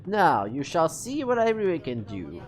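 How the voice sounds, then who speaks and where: A woman's voice: sits low, huge pitch swings, moderate pace, darkish tone, slight background noise. A woman voicing a prim male paper gatekeeper in a formal, pompous put-on British accent. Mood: haughty.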